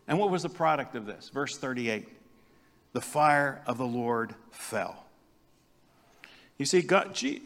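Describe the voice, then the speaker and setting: A man preaching a sermon in an animated way, acting out the prophet's words with sudden loud jumps in his voice. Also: fairly high pitch, in a large hall.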